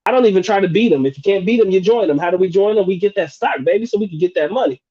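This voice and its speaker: A man's voice: high-pitched, racing, mellow, husky, no echo. Joking slangy man on a dull stream. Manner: joking, slangy, laughs often. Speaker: livestream host answering chat questions. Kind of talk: casual live Q&A chat.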